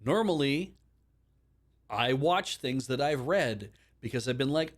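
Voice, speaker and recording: A man hosting a live stream, chatting casually in a rambling, animated way and acting out bits of dialogue in quick voices. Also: mid-range voice. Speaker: stream host.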